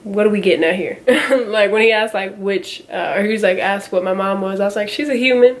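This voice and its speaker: Young woman vlogging a storytime, kinda nasal, says like a lot, mid pitch. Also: a little fast. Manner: chatty, lots of "like" and quoted back-and-forth. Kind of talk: casual storytime vlog.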